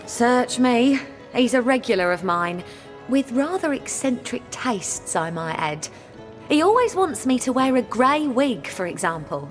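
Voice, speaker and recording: A woman's voice: sits high, in a large hall. A woman voicing a chatty, theatrical courtesan in a video game, gushing and gossipy.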